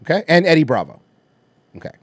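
A male podcast host shares his opinions in casual, wry commentary, restarting often. His fairly high voice has a sing-song, quick delivery, with no room sound.

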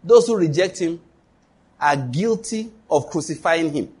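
Emphatic husky male preacher. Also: expressive, unhurried. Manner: emphatic preaching with sudden high-pitched exclamations and rhetorical questions. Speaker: pastor. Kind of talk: sermon.

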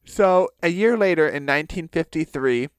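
A man's voice: a little high, expressive, normal speed, clear, resonant tone, no echo. A man co-hosting a comedy podcast, telling a history story with lots of laughter. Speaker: podcast co-host. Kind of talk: joking history chat.

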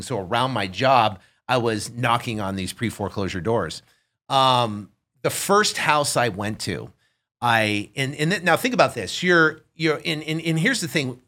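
Bright-voiced animated male storyteller. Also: medium pitch. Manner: animated storyteller, acts out quotes. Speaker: real estate investor guest. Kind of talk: casual storytelling interview.

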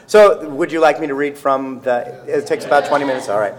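A man speaking as an author at a public reading, chatting casually and joking at his own expense before reading. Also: mid-range voice. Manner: self-deprecating, joking, quick asides. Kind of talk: casual talk to a live audience.

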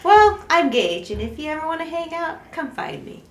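A woman's voice: sits high, sing-song, normal speed. A woman playing a flirty, eager guy. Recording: roomy and distant from the mic.

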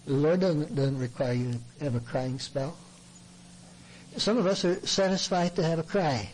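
Folksy man, somewhat high voice, earnest sermon-style counseling talk. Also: moderate pace, darkish tone, a little hiss or hum, low-quality recording. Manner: earnest, folksy, acts out what people say to him. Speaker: Christian counselor speaking to men. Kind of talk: plain-spoken sermon talk.

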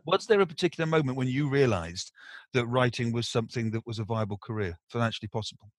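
A man hosting a podcast, asking his guest a question in a low, quiet voice. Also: quick pace, no room sound, clean studio sound. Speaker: podcast host. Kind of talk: interview.

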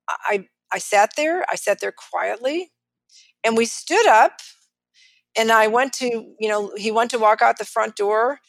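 A middle-aged financial advisor with a Texan accent, telling stories lively in an interview and acting out the people she quotes. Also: fairly high pitch, no room sound. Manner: animated, acts out quotes of others. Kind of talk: storytelling in a podcast interview.

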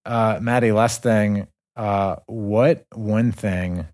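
Southern American man, podcast host, slightly low voice, relaxed and curious. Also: very slow. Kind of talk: casual podcast interview.

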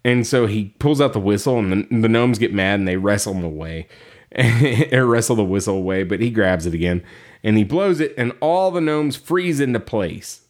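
A man's voice: on the low side, animated, moderate pace. Laughing, rambling podcast co-host man. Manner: rambling, laughing, acting out quotes. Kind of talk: casual chat recapping an episode.

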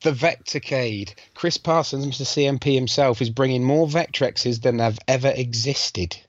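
A man co-hosting a podcast with dry, teasing quips, at a middle pitch. The recording is dead and dry, with a dull, muffled tone. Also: moderate pace, no room sound. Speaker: podcast co-host. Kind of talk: casual chat, reading out event news.

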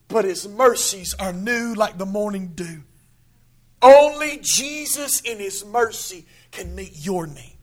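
A man preaching a sermon in church, moving from shouted declarations to hushed pleading during an altar call. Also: high-pitched, lively intonation, slow. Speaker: pastor.

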